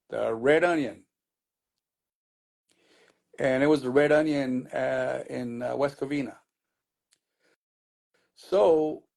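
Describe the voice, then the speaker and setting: A man's voice: medium pitch, gravelly, a little mellow. A middle-aged man, a DJ being interviewed, telling his story in a loose, rambling way with many restarts. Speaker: DJ guest.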